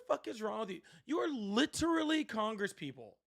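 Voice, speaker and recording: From his seat at home, a political livestream host talks at normal speed in a high, sing-song voice with vocal fry and few pauses. He keeps the casual stream profane, sardonic and rambling.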